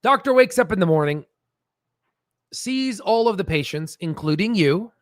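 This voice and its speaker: A man's voice: high-pitched, lively intonation, moderate pace, no echo, clean studio sound. A man hosting a stock research channel, explaining in a rambling, profane, casual way and laughing at his own jokes, talking from a standing desk.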